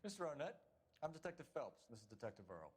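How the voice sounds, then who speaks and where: A man's voice: medium pitch, big pitch swings, quick pace, noisy background, close to an everyday voice. An actor playing a firm male police detective who questions a suspect directly. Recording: game audio with clear music.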